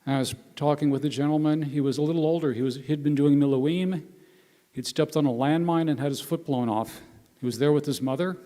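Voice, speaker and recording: Speaking to a congregation, this American man recounts stories from his volunteer mission, performing the quoted lines with warmth. His voice sits on the high side and moves a little fast, with reverb from the hall.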